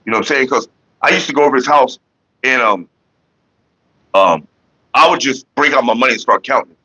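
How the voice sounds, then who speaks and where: A man's voice: mid-range voice, brisk, bright, forceful tone, slightly rough. A man hosting a casual livestream, telling loose stories and greeting viewers in the chat. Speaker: livestream host. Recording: dull lo-fi stream audio.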